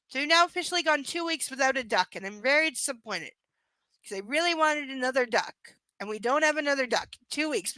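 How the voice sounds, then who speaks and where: A woman's voice: high voice, sharp tone, dry recording, rough recording. A woman doing a live book reading with sarcastic, profane, exasperated commentary. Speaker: livestream book reader.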